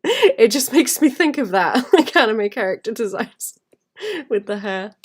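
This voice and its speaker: A woman who illustrates, chatting casually and thinking aloud while she draws, rambling and laughing softly. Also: on the high side, very animated, a little slow, slight background noise. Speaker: illustrator streaming while drawing. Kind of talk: casual chat while drawing.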